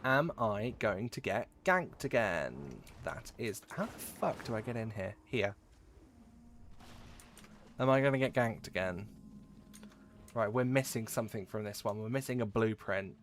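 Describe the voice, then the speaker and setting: A man's voice: fairly low pitch, lively intonation, a little slow, long pauses, fairly bright tone, slight background noise. A man with a mixed Essex and Midlands English accent, chatting casually and jokingly with his live-stream chat while playing a game. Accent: mix of Essex and Midlands English. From England.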